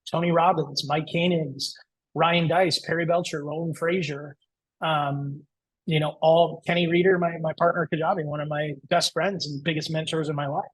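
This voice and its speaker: A man in his forties, a podcast guest, telling his career story in a lively, anecdotal way and acting out the voices he quotes. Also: fairly high pitch, normal speed, husky, poor audio. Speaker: guest entrepreneur.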